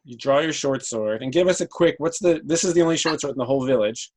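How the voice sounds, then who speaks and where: A man running a tabletop game as game master, thinking aloud and pausing on many ums as he talks. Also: medium pitch, noisy background.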